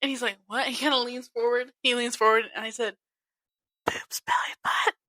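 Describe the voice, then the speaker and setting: A young woman hosting a podcast, telling college stories in a giggly, animated way. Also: fairly high pitch, fast, no echo, low-quality recording. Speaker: podcast host. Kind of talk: casual chat.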